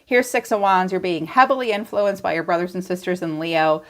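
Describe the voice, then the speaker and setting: A woman's voice: lowish voice, steady tone, a little fast, fairly bright tone. A woman giving a casual tarot reading, talking straight to her viewers in a blunt, chatty way. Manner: blunt, chatty, swings into playful quoted voices. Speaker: tarot reader.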